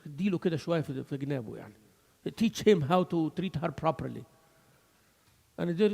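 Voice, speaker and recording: Male mosque teacher, lively and gravelly, long hall echo. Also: fairly high pitch, racing, long pauses. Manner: animated, switching between English and Arabic, laughing asides. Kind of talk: mosque lesson.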